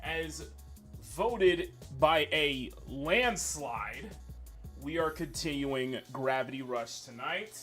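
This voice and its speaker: A man's voice: fairly high pitch, lively intonation, slow pace, a bit bright. A young man hosting a livestream in casual, rambling chat with many fillers and restarts. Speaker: streamer host. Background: faint menu music.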